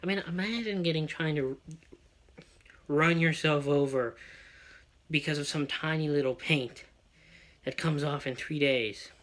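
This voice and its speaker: Male vlogger, excitable profane ranter, bright and fairly high voice. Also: unhurried, pauses often. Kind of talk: personal rant monologue.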